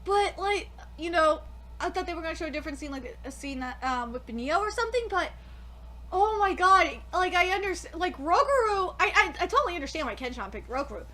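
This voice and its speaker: A young woman streaming a live comic reaction, gushing and excitable, swearing freely as she reads. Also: very high-pitched, a little fast.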